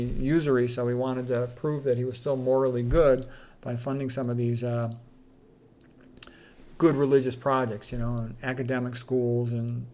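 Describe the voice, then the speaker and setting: A man's voice: medium pitch, a little mellow. A middle-aged man, a doctor, reading quotes aloud and commenting on them in a candid, casual way with plenty of fillers.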